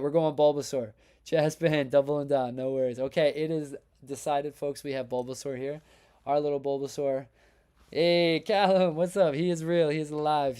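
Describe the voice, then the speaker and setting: A man hosting a casual live stream, talking to his chat with lively, upbeat energy. His voice sits a little high but has a warm, mellow tone. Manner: energetic, chatty, reads chat aloud and hypes votes. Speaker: livestream host.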